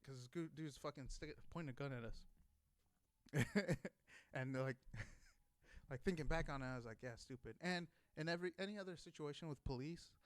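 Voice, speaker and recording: A man's voice: on the high side, normal speed, no echo. A young adult man telling a rambling, profane story in a casual way, with many restarts. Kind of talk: casual anecdote.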